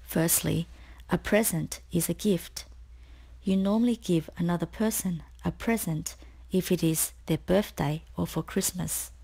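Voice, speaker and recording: A woman tutor reading a scripted spelling lesson, explaining each word slowly and clearly. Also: on the low side, warm tone. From Australia. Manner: slow, clear, deliberate explanations.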